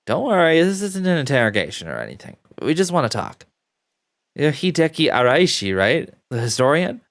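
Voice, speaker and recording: A man voicing a pushy middle-aged male police detective who asks brisk, insistent questions. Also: fairly high pitch, very animated, fairly bright tone, dry recording, studio quality, voice pushed up. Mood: coaxing.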